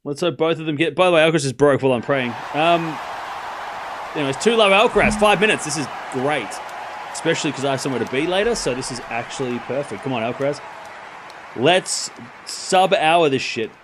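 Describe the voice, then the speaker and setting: Tennis streamer guy, kinda high voice, jokey, begging the chat and calling scores. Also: a little fast, noisy background. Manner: playful, scolds chat, pleading. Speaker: streamer commentating a tennis match. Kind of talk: live watchalong commentary.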